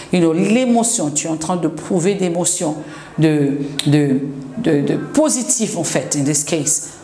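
Woman, deep voice, classroom grammar lesson, patient explaining, slips into French. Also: lively intonation, mellow. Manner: explains slowly, switches into French. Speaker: English teacher. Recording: echoey room with faint noise.

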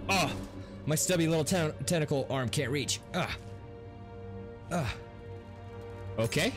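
A man hosting a gaming video, commentating a let's play in an excitable way, gasping and laughing as he plays. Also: on the high side, measured pace, pauses often. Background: game music.

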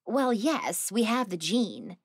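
A woman voicing a calm older aunt who is a witch, soothing and fond of endearments. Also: mid-range voice, takes it slowly, husky, dry recording, studio quality, pitched above the performer's own voice, heavily acted.

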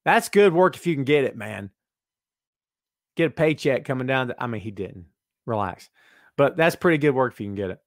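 A man's voice: medium pitch, brisk, long pauses, dry recording, clean studio sound. A man hosting a podcast in a casual live-stream chat, reading viewer comments aloud and joking straight to the chat. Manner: excitable, jokey, talks straight to the chat. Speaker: podcast host.

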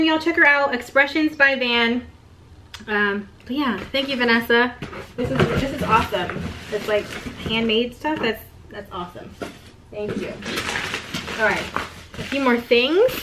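A young woman, excitedly chatting while opening gifts for her baby daughter. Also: high-pitched. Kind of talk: casual unboxing chat. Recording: noisy home recording.

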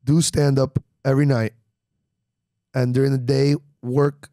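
Animated young man with gravelly voice. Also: medium pitch, unhurried, no room sound, studio quality. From Miami, Florida. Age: 20s. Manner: animated storyteller, acts out voices. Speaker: comedian guest. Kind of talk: casual podcast chat. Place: podcast studio. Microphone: studio microphone.

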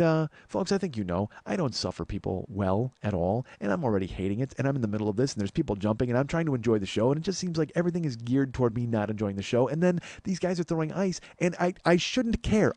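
A man in his forties hosting a comedy podcast, telling a story in an exasperated, profane, animated way. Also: medium pitch, fast talker, no room sound. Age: 40s. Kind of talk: storytelling monologue.

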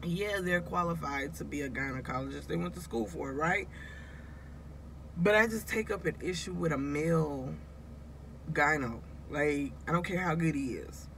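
Gravelly-voiced emotional woman vlogger. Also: deep voice, moderate pace, fairly bright tone, slight background noise. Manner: rambling, confiding, talks straight to viewers. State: emotional, close to tears. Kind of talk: casual confessional vlog.

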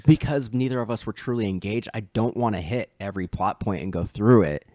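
A man's voice: on the low side, brisk, darkish tone, dry recording, clean studio sound. A man co-hosting a podcast, talking loosely about a film with lots of fillers. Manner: rambling, many fillers, mimics characters in voices. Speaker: podcast co-host. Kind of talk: casual film review chat.

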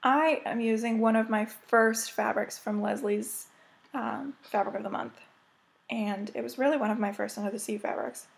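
American lady rambling about her stitching projects, kinda high voice, lots of vocal fry. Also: normal speed. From United States. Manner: chatty, rambling, gushing. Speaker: cross-stitch vlogger. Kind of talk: casual show-and-tell chat.

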